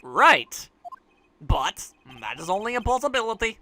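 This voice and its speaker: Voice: mid-range voice, unhurried. Ein Sprecher leiht einer kühlen, herablassenden Zeugin in einem Videospiel die Stimme, mit flachem, verächtlichem Ton und einem misslungenen fremden Akzent. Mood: dismissive. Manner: flat, condescending, with a failed foreign accent. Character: cold, dismissive woman witness.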